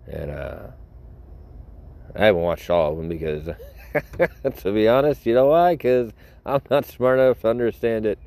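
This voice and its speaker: A man with a slightly low-pitched voice hosts a casual podcast. He tells a rambling story in a loose, offhand way. He keeps breaking into laughter as he talks. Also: lively intonation, normal speed, long pauses, dark tone. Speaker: podcast host.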